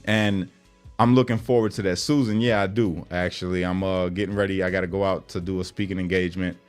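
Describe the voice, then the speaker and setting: A man with a fairly low voice speaks in an earnest, conversational way, loose with slang and easy fillers. Faint music plays under his casual vlog talk. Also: steady tone, brisk, clean tone. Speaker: vlogger. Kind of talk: casual reflective monologue.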